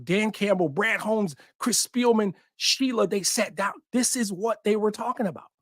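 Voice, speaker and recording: A man's voice: high voice, dry recording, studio quality. Fired-up man hosting a sports podcast. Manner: emphatic, repeats short punchy phrases, occasional swearing. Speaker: podcast host. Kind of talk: passionate sports talk.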